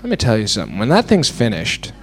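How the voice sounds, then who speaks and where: A man's voice: lowish voice, wildly swooping pitch, quick pace, heavy background noise. A man doing a stand-up routine, telling stories animatedly and making sound effects. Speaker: stand-up comedian.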